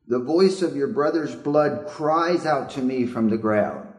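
A man acting out a solemn divine judge who pronounces sentence in a raised, declaiming voice. The voice sits well above the speaker's usual pitch. A roomy echo hangs on every word. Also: expressive, measured pace, lightly acted. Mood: stern.

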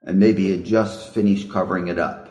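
A man's voice: low-pitched, fairly even intonation, a little fast, a little mellow, roomy sound. A male preacher giving a sermon in a reflective, questioning way. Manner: reflective, asks the listeners questions.

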